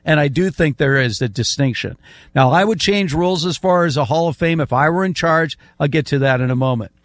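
An older man hosts a sports talk debate, building his case with long lists of numbers. His voice sits a bit high. The sound is dry and close, with no room echo. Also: brisk. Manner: emphatic, lists stats at length.

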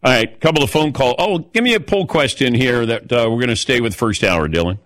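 A man's voice: medium pitch, animated, a little fast, fairly bright tone, no room sound. Chatty man hosting a radio show. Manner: chatty storyteller, calls on co-hosts by name. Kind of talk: casual radio show chat.

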